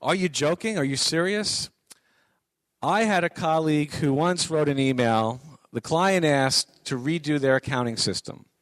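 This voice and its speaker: A man's voice: a little high, moderate pace, fairly bright tone, dry recording. A middle-aged man giving a conversational lecture to college students, repeating his points for emphasis. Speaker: guest speaker on business writing.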